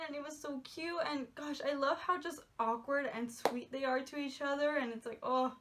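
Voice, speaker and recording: A woman's voice: sits high, steady tone, brisk, a little hiss or hum. A young woman chatting casually in a movie review, gushing and giggly, rambling with lots of "like"s. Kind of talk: casual spoiler review chat.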